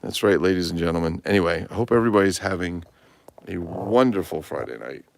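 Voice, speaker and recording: A man's voice: low-pitched, brisk, creaky, no echo. A tired man chatting casually and rambling on a livestream, swearing freely. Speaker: toy collector livestream host.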